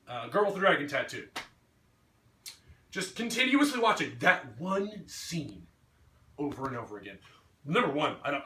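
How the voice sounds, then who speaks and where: A man's voice: a little high, bright, forceful tone. Man ranting in an echoey room. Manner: ranting, swearing, mocking voices. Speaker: vlogger. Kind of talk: angry movie rant. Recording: roomy echo, mic at a distance.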